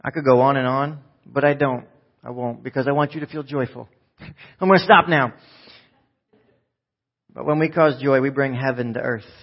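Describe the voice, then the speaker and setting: A man preaching a live sermon to a church congregation, joking and swinging from loud bursts to soft, low asides. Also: steady tone, normal speed, long pauses, highs cut off. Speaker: pastor.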